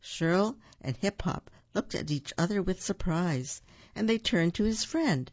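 A reader reading a children's storybook aloud, pausing with ums to explain words to the listeners. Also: medium pitch, lively intonation, no room sound. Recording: dull, dry recording.

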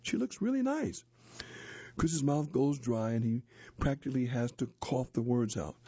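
A man narrating a story and a handbook aloud in a steady, expressive reading voice. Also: medium pitch, moderate pace, husky, dry recording. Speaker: narrator, reader. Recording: dull lo-fi dry recording.

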